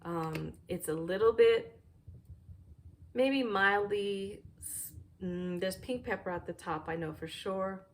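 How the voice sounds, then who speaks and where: A woman reviewing fragrances in a casual, thoughtful way, often pausing with "um" while searching for words, at home near a fireplace. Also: medium pitch, a little hiss or hum.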